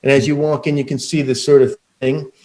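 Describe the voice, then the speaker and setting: A man's voice: medium pitch, flat delivery, fairly quick, a little mellow. A man narrating a tabletop game as game master, rambling with many fillers and restarts.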